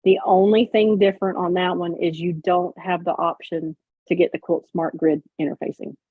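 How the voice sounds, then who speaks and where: A woman's voice: on the low side, level tone, normal speed, breathy edge, dry recording. Chatty woman on a thin, phone-like line. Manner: chatty, explains step by step with many fillers. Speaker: host. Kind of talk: casual livestream chat. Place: home sewing room on a video call.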